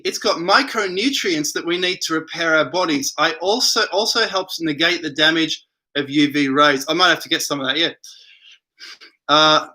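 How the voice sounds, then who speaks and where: A man's voice: high-pitched, bright, forceful tone. A man hosting a casual late-night livestream from home, reading viewer comments aloud and rambling in reply. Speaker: livestream host reading chat.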